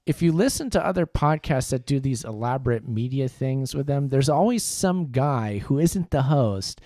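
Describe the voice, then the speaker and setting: A man co-hosting a live podcast in easy, rambling chat, pitched squarely in the middle. He keeps stopping to correct himself and plug the channels. His voice sits close and dry on the studio mic, with no room sound around it. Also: lively intonation, moderate pace, mellow, no room sound. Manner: rambling, self-correcting, upbeat plugs. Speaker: podcast co-host.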